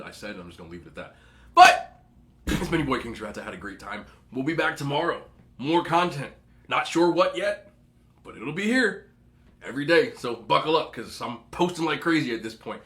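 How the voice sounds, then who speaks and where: A man's voice: mid-range voice, pushed and bright. A young man hosting an eating show, telling a rambling story casually with lots of asides and laughter. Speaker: mukbang host.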